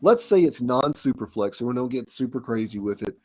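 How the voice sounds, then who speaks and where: A man hosting a casual fantasy football quiz, animated and quick to laugh. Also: mid-range voice. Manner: lively, animated, laughs often. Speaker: podcast host and quizmaster.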